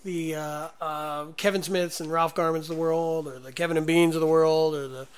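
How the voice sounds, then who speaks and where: A man co-hosting a casual podcast. He jokes around and chimes in with quips. His voice sits fairly high for a man. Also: fairly even intonation, moderate pace, smooth. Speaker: podcast co-host.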